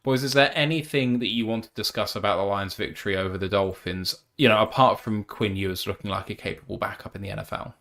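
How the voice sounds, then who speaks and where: A man's voice: fairly low pitch, fast talker, hardly any pauses, a bit bright. British man, podcast host, emphatic, opinionated, casual live chat.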